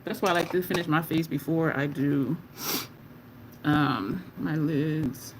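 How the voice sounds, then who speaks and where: A woman's voice: low-pitched, takes it slowly, slight background noise, poor audio. A woman beauty vlogger in casual chat while doing her makeup, answering viewer comments and laughing often.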